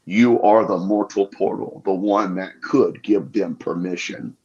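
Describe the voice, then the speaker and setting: A man's voice: low voice, steady tone, measured pace, darkish tone. A man guest on a podcast interview, telling his experiences with passion. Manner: passionate storytelling. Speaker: guest demonologist. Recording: dull lo-fi audio.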